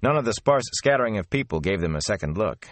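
A man reads a fantasy audiobook in a steady, measured storytelling style. His voice is lowish and the recording is dry.

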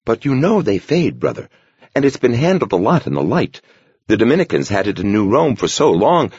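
An earnest, eager young apprentice monk with a lifted, lively voice, as a narrator puts him on. Underneath sits a husky, gravelly timbre, recorded dull and dry. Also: male voice, medium pitch, a little fast, dry recording, voice pushed up. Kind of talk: audiobook character voice.

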